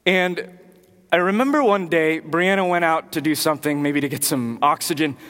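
Storytelling preacher with a hall echo. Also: male voice, a little high, moderate pace. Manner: storytelling, animated, with loud acted outbursts. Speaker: pastor. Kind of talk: sermon. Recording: long hall reverb.

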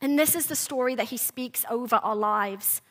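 A woman pastor giving a sermon, earnest and soft-spoken, breaking into animated, quick asides. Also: on the high side.

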